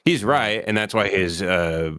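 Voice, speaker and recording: A man's voice: fairly low pitch, expressive, a little slow, pushed and bright, clear, resonant tone, no echo. A man talking in a rambling, profane way with lots of fillers, his nose stuffed up, as a guest in a casual podcast chat. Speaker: comedian guest.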